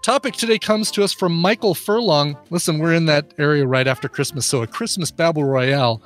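Higher-voiced man running a podcast game. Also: fairly quick, soft background music. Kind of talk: casual comedic chat.

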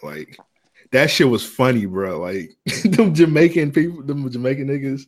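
Husky guy cohosting a podcast, slangy storytelling, voice jumps all over. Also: mid-range voice, lively intonation, normal speed. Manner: storytelling, laughs often, loose slangy talk. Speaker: podcast co-host. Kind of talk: casual banter.

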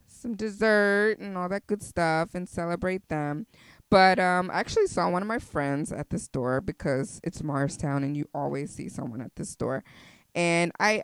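A woman's voice: fairly low pitch, clean tone, no room sound. A woman hosting her own podcast, chatting casually and expressively with plenty of fillers into a close studio mic. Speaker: podcast host. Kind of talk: casual solo podcast chat.

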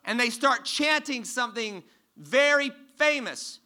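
Bright, high-voiced male preacher. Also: expressive, measured pace. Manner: questions the congregation, swings from loud emphasis to hushed. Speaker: pastor. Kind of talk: sermon. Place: church stage before a congregation.

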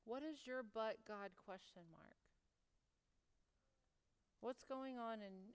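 A woman preaching a sermon to other women, emphatic and full of rhetorical questions, sometimes dropping to soft, reflective tones. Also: mid-range voice, slow pace, pauses often, clear, resonant tone. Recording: long reverb of a large hall.

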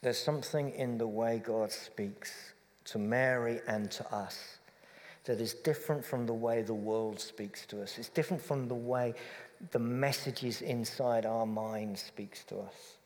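A man preaching a reflective, conversational sermon that softens to a gentle hush. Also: medium pitch, a little slow, big-room sound.

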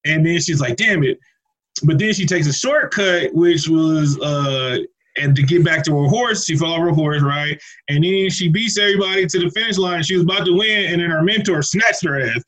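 A man with a somewhat high voice co-hosts a podcast, walking through a movie scene by scene. His talk is loose and full of slang, fillers and laughter. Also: normal speed, fairly bright tone, low-quality recording. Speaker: podcast co-host. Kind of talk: casual movie recap chat.

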